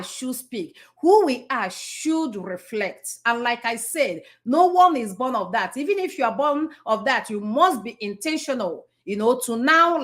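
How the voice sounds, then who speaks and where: A woman's voice: a little high, bright, forceful tone. A middle-aged woman with a Nigerian accent gives a conversational motivational talk, repeating herself, restarting sentences and asking the audience questions. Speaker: speaker addressing an audience.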